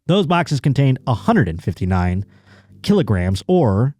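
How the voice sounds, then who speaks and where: A man with a mellow, dark voice hosts a comedy podcast, swinging between reading news items and crude, sarcastic asides. The sound is dry and close, with no room behind him. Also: mid-range voice, big pitch swings, measured pace, no echo. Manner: crude, sarcastic riffing between read-out articles. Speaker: podcast host. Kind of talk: casual comedic chat reading news stories.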